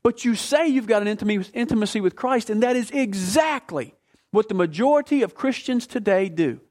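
A man's voice: high voice, expressive, fairly quick, a little mellow. A man in his fifties, a pastor preaching a sermon, building from plain talk into fervent, emphatic questions.

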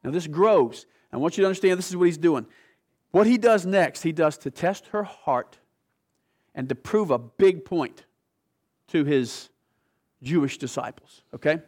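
A man preaching a sermon with animated storytelling, his voice sitting a bit higher than most men's. He acts out the people in the story and sinks to soft, hushed lows for emphasis. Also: unhurried, pauses often. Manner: animated storytelling, acting out quoted voices, soft dramatic drops.

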